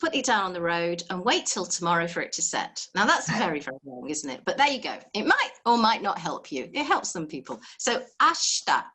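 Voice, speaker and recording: A woman's voice: fairly low pitch, sing-song, brisk, hardly any pauses, sharp tone, slightly rough. A woman teaching a live online language lesson, explaining patiently step by step and encouraging her students over a video call.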